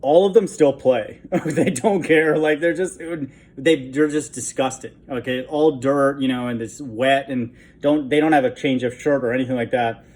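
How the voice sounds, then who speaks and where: A man at an ordinary middle pitch tells a story in a loose, rambling monologue. He sounds contemptuous and tacks "okay?" onto nearly every few lines. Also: normal speed, a little mellow. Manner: rambling, repeats "okay?" constantly; scornful, contemptuous. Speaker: vlogger.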